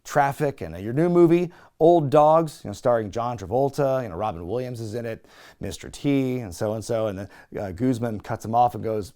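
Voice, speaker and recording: Man, young adult, wrestling review host, casual recap, sarcastic, laughs a lot, mid-pitched. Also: brisk. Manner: animated, laughs often, sarcastic asides.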